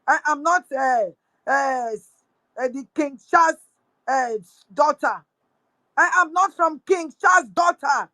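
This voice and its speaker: A woman's voice: high voice, a little slow, bright, forceful tone, dry recording, poor audio. A woman with a Nigerian accent mixing in pidgin, angrily accusing someone in a live audio room. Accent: Nigerian English with pidgin. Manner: angry, accusing, repetitive. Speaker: speaker on a live audio space.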